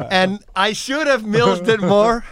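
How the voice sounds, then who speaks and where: A man telling lively stories and acting them out in a casual chat, laughing often. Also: sits high. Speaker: guest, former fighter and actor. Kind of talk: casual storytelling.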